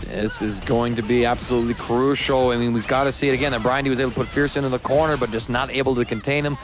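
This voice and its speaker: A man's voice: medium pitch, fairly even intonation, quick pace, over music. A man co-commentating a fighting-game tournament, breaking down plays in a chatty, analytical way. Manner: analytical, chatty, laughs easily. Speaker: esports co-commentator.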